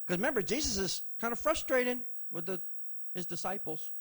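Animated preacher man, higher-pitched voice. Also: moderate pace. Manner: animated preaching with sudden loud rises and soft drops; asks the congregation questions directly. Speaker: pastor. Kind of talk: sermon.

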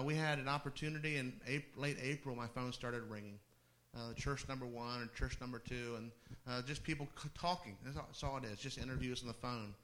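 A man's voice: medium pitch, fairly bright tone. Man telling a sermon story. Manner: conversational, with laughing asides and restarts. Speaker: pastor.

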